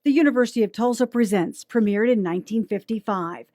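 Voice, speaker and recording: A woman news anchor giving measured, polished documentary narration. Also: mid-range voice, warm tone, no echo.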